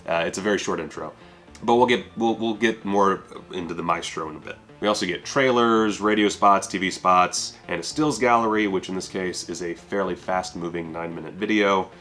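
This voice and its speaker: A man's voice: deep voice, fairly quick, a bit bright, soft background music. A man casually reviewing a home video release, offhand and self-deprecating, with casual swearing.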